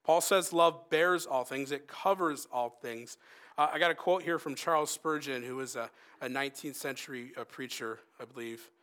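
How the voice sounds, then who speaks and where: A young man preaches in an earnest, conversational tone, his voice sitting in an ordinary middle register. He builds up to emphatic lines and drops to a soft hush for quoted asides. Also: medium pitch, moderate pace. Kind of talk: sermon.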